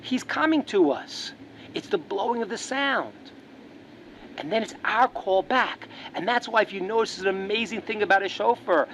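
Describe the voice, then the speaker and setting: A rabbi teaching a religious lesson, telling a parable as an animated storyteller who repeats words as he restarts. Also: high-pitched, moderate pace, slight background noise.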